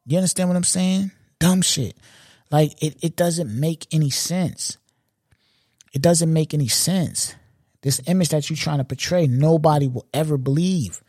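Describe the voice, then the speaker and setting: Mellow-voiced man hosting a podcast. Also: on the high side, dry recording, clean studio sound. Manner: loose, profane street slang, frequent "you know what I'm saying". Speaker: podcast host. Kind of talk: casual commentary.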